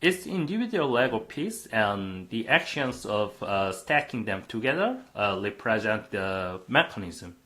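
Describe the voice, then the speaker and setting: A man's voice: on the low side, sing-song, measured pace, few pauses, sharp tone. A man lecturing a university class on computing, explaining step by step with frequent "uh" fillers.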